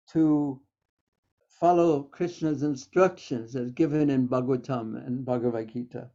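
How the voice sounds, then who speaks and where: In a scripture lecture, a man teaches a class by telling stories and quoting verses, with the odd filler slipping in. His medium-pitched voice is dark in tone, his intonation fairly even and his pace measured. The recording is dull and lo-fi.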